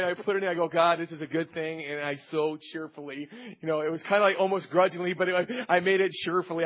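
A man, middle-aged, preaching an informal sermon and telling a personal testimony, rambling and restarting his sentences. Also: on the high side. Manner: rambling, repeats words and restarts, storytelling. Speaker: lay preacher. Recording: dull lo-fi church audio.

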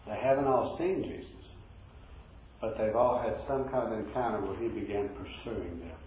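A man preaching a sermon in a relaxed, conversational way, telling a story and acting out what people said. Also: on the low side, normal speed, recorded from a distance, a little hiss or hum. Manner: conversational, retells with acted quotes. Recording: very echoey, dull-sounding room recording.

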